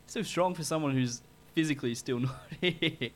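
A man's voice: fairly high pitch, normal speed. A young man co-hosting a student radio show, giggly and echoing his partner in casual chat.

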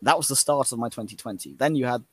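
A man's voice: mid-range voice, fast, slightly rough, no room sound. A man, talking earnestly and from the heart in a casual chat, his voice rising whenever he quotes himself. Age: 30s.

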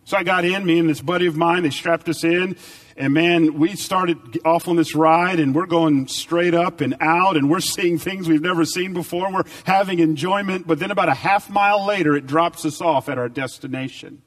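A man preaching a sermon with emphatic repetition, swinging between loud, high bursts and low, quiet stretches. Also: normal speed, far from the mic. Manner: dynamic, emphatic repetition with big swings in pitch and volume.

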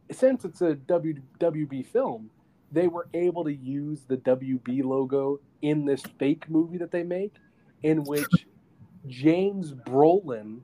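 A man co-hosting a podcast, casually retelling a film in animated fashion and slipping into quick voice impressions. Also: a little high. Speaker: podcast co-host reviewing a film. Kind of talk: casual chat.

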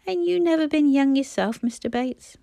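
A woman's voice: high-pitched, normal speed, gravelly, mellow, dry recording, voice pushed up. A woman doing an easygoing old workman. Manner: folksy, ungrammatical country speech.

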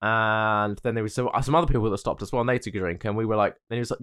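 A man's voice: fairly low pitch, fairly even intonation, very fast, fairly bright tone, smooth. A man co-hosting a casual comedy podcast, playful and laughing often, slipping into silly voices. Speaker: podcast co-host.

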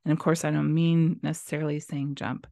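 A woman's voice: sits low, flat delivery, a little fast, gravelly, warm tone, dry recording, clean studio sound. A woman in her thirties hosting a podcast, telling candid stories from her marriage and acting out past arguments. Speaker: podcast host. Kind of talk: personal storytelling podcast.

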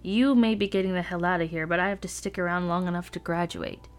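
A woman's voice: fairly low pitch, fairly even intonation, quick pace, smooth, faint music behind, natural voice. Woman voicing a sneering teenage boy. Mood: dismissive. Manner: sneering, exasperated outbursts. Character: arrogant, irritable teenage boy roommate.

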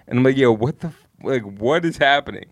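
A man's voice: mid-range voice, expressive, fairly quick, dry recording, studio quality. A young man on a podcast, casually telling a long story to friends, rambling with lots of fillers and swearing. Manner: rambling, laid-back, heavy swearing and fillers. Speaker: podcast co-host.

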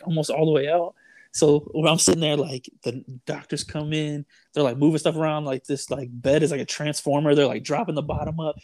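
A man's voice: a little high, darkish tone, dry recording. A young man telling a story in casual chat, rambling with lots of "like", "dude" and "bro". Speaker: storyteller guest.

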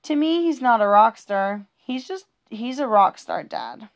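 A woman reads funny rhyming poems for kids with a bouncy, sing-song lilt. Her voice sits a little high, and she stumbles now and then as she reads. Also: sing-song, a little slow. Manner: playful, sing-song rhythm with small stumbles. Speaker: reader of children's poems. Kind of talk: reading humorous rhyming poems aloud.

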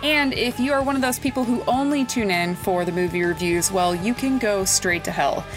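A woman reading a scripted podcast introduction in a brisk, wry, tongue-in-cheek way. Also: mid-range voice. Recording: clear music bed under voice.

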